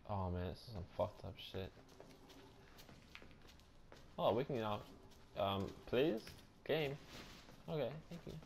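A young man doing casual let's-play commentary on a horror game, loud, joking and slangy. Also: lowish voice, lively intonation, slow, vocal fry, pauses often, a little hiss or hum. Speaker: gameplay streamer.

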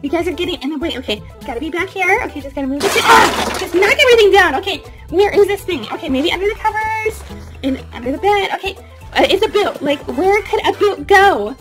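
A very high, bubbly young woman doll chatters about her gifts and squeals with delight, voiced by a woman. She is bossy and self-absorbed, and faint music plays behind her. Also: expressive, a little fast, pauses often, fairly bright tone.

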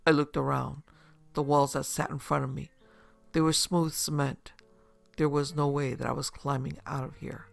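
Guy telling a spooky story, heavy vocal fry, a bit high pitched, quiet music behind. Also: normal speed, no room sound. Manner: steady first-person telling. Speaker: narrator. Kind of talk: scripted horror story narration.

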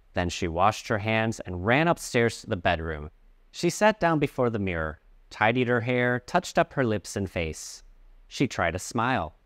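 A man teaching English, reading a story aloud and clearly explaining words along the way. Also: lowish voice, fairly bright tone, no room sound, studio quality.

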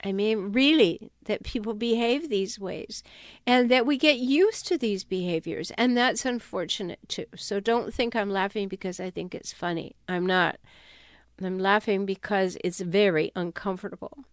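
A woman giving advice on toxic relationships in an emphatic, animated way. She sometimes drops her voice to act out quoted sarcastic remarks. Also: mid-range voice, moderate pace, no room sound, clean studio sound. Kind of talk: talking-head advice video.

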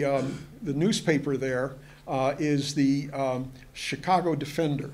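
A man's voice: fairly high pitch, a little mellow. A man, a museum historian, giving a lecture to an audience, hesitant with many fillers and restarts, and chatty with joking asides.

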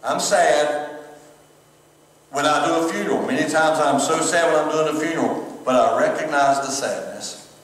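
A man's voice: on the high side, normal speed, a bit bright. A male pastor, giving a conversational sermon in a church and talking to viewers online. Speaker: pastor and former chaplain. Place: church sanctuary, streamed service. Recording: very echoey hall from far off.

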